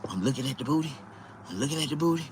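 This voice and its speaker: A young male comedian tells a long, rambling story with crude language, and his pitch swings up and down freely as he acts things out. His voice sits in the middle range, and a faint hiss of noise runs underneath. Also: racing. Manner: animated, profane, rambling. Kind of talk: stand-up storytelling.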